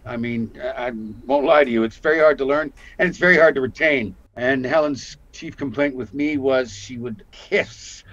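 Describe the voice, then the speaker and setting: An older man from Canada, an actor telling lively stories about his career in a casual interview. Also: mid-range voice, normal speed, hardly any pauses, no echo, highs cut off. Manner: animated storyteller, acts out quotes. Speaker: guest actor.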